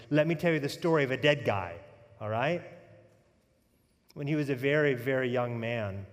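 A man preaching a sermon as pastor, telling a story in an earnest, conversational way. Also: mid-range voice. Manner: storytelling, earnest, shifts from soft to emphatic. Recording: reverberant hall.

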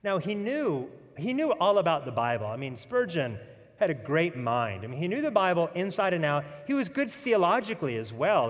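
A man's voice: a little high, very animated, moderate pace. A man preaching a sermon as pastor, telling a story in an earnest, conversational way. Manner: storytelling, earnest, shifts from soft to emphatic. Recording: reverberant hall.

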